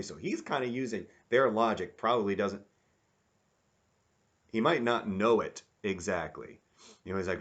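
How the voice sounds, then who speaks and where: A man giving a rambling, casual review, animated and acting out quotes in mock voices. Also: lowish voice, normal speed. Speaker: YouTube reviewer.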